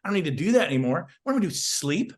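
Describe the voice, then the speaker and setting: A man's voice: high-pitched, very animated, very fast. A man, a real estate agent guest, giving intense, fired-up sales advice on a podcast interview.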